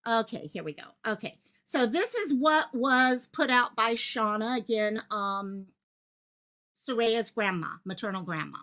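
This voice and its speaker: A woman runs a live stream from her home office, her voice bright and sitting a little high. She talks in an excited, breathless rush, leaving thoughts half finished as she jumps to the next one and greets viewers by name. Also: measured pace. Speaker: livestream host covering a missing-child case. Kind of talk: live-stream commentary, reading chat.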